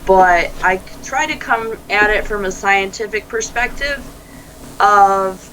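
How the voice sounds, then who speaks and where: Life coach lady on an interview call, bright clear voice, tells stories with lots of life, does little voices for quotes. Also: mid-range voice, a little slow, slight background noise, poor audio. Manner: animated storyteller who acts out quoted dialogue and laughs easily. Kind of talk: conversational interview.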